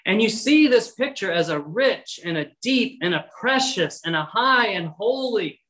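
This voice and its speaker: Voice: medium pitch, lively intonation, a little slow, a bit bright, rough recording. A pastor preaching a sermon, reading scripture aloud and exhorting listeners earnestly with casual asides.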